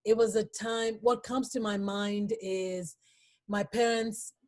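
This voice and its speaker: A woman hosting an interview, halting and emotional, with many pauses and fillers. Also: mid-range voice, fairly even intonation, darkish tone. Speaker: talk show host.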